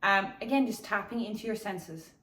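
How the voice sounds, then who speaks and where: A woman in a casual, reflective talk about slowing down, speaking loosely with swearing and laughter while out on a morning walk. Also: mid-range voice, fairly bright tone, echoey room, recorded from a distance. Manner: meandering, chatty, swears casually, laughs often. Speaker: wellness vlogger.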